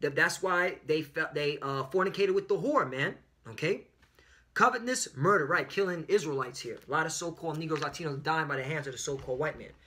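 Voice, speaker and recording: Man preacher, high bright voice, fiery, profane, rambling with fillers. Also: a little fast. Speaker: online preacher. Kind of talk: religious commentary lesson.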